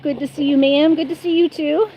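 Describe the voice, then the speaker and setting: A high-voiced woman talks breathlessly into her phone on an outdoor beach. She is playful and quick to laugh, switching into a sing-song baby voice for her dog. A faint outdoor hum sits underneath. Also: steady tone, dark tone, poor audio. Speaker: vlogger live-streaming a dog walk. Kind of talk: casual live-stream chat.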